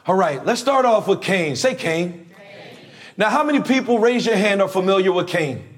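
A man preaching a sermon to a church congregation, energetic and calling out to the crowd for answers. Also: high voice, moderate pace.

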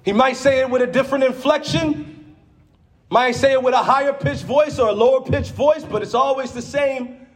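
High-voiced preacher man building to shouts. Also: normal speed. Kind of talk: sermon.

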